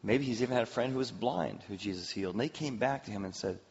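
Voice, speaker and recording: A male pastor preaching a sermon, telling a story with acted-out quotes and an animated delivery. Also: mid-range voice, fast, creaky. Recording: echoey hall, slightly dull.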